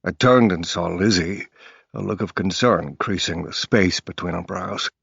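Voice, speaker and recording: A man narrating an audiobook in first person, measured and grave. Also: sits low, creaky, a bit bright, slightly rough, dry recording, muffled recording.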